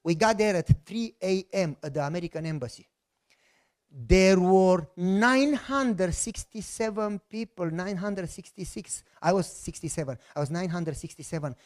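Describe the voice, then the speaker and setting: A man's voice: high voice, moderate pace, darkish tone. A middle-aged man preaching a sermon, telling a personal story dramatically and acting out both sides of the dialogue. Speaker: pastor.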